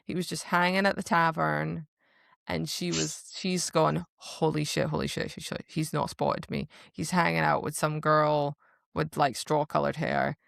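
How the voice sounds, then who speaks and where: A woman's voice: low-pitched, little pitch movement, unhurried, gravelly, a bit bright, no echo, clean studio sound. A woman co-hosting a podcast, casually recapping a book and acting out the characters' lines with swearing and laughter. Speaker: podcast co-host.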